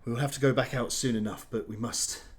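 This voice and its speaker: A tired, formal senator, voiced by a man in a tabletop game. He speaks in courtly, measured phrases and addresses others with old-fashioned politeness. The voice sits a little higher than his speaker's own. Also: steady tone, close to an everyday voice. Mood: weary. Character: weary, formal middle-aged male senator.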